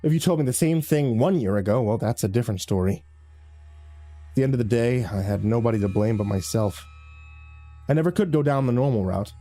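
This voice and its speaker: A man narrating a first-person horror story in a measured, grim way. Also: mid-range voice, animated, warm tone, soft background music.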